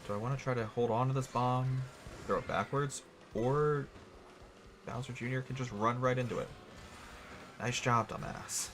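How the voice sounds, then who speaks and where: A man's voice: mid-range voice, normal speed, a little hiss or hum. A young man streaming a video game live, rambling and joking sarcastically with his chat. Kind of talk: gaming livestream chat.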